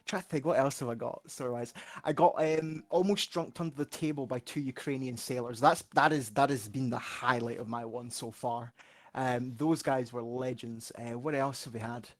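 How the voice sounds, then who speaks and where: A Scottish man, a streamer, telling anecdotes in casual chat, animated and swearing freely. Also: mid-range voice, normal speed, no echo. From Scotland.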